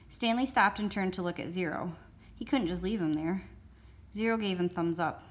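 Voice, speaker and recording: A woman storyteller reading a novel aloud in a steady, expressive way. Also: fairly low pitch, normal speed. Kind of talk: read-aloud book narration.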